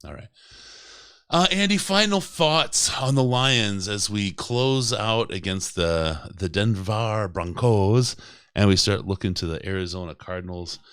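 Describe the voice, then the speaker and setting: A man's voice: fairly low pitch, expressive, unhurried, a bit bright, clear, resonant tone, no room sound, clean studio sound. A man hosting a casual sports podcast, rambling and joking and laughing often. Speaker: podcast host.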